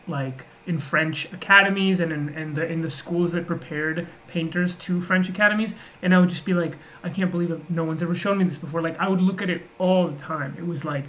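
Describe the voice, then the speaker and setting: A man's voice: high-pitched, fairly bright tone. A man co-hosting a casual livestream chat, telling a long story full of filler words and restarts. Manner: rambling, filler-heavy storytelling. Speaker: podcast co-host. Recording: muffled audio with faint ambient noise.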